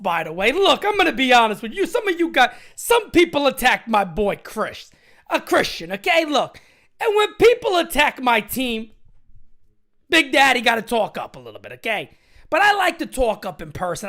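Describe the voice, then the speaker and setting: A man hosting a live fan chat stream, loud and hyped, ranting and often shouting. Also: very high voice.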